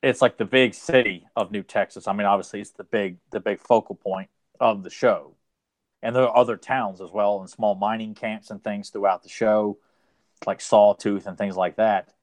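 A man's voice: on the low side, steady tone, moderate pace, dry recording. A man co-hosting a podcast, chatting casually and enthusiastically about an old cartoon in a rambling way. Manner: enthusiastic, rambling fan talk. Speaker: podcast co-host.

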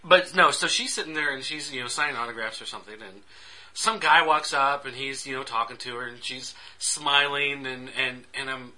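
A man's voice: medium pitch, moderate pace, sharp tone, rough recording. A man co-hosting a podcast, telling wry anecdotes in casual chat.

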